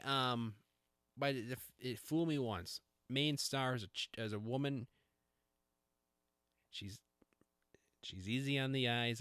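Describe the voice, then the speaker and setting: A man's voice: mid-range voice, fairly bright tone, smooth, no room sound, clean studio sound. A middle-aged man hosting a podcast, talking in a rambling, self-interrupting, jokey way. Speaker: podcast host. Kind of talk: casual rambling monologue.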